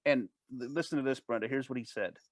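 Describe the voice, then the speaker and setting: A man as an interview guest, telling a personal story in a casual, animated way, with frequent restarts and false starts. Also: mid-range voice, no room sound. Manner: animated, fast-paced anecdote telling.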